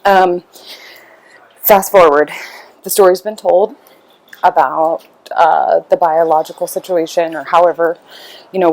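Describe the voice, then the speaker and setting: A woman's voice: fairly low pitch, a little mellow, low-quality recording. Rambling woman podcaster telling a story. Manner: rambling, acts out quoted voices. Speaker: podcast host. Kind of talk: casual storytelling monologue.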